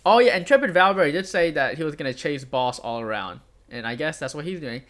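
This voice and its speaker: Bright high-voiced young man reading game lines. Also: sing-song, a little fast, few pauses. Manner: reads character lines aloud with light voicing, laughs and confused asides. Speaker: gamer. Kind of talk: let's play commentary, reading game dialogue aloud.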